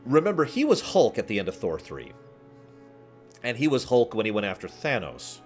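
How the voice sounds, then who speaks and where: A man streaming, chatting casually with his viewers in a rambling, animated way, often laughing and acting out scenes. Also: mid-range voice, moderate pace, soft background music. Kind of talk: casual chat with live chat.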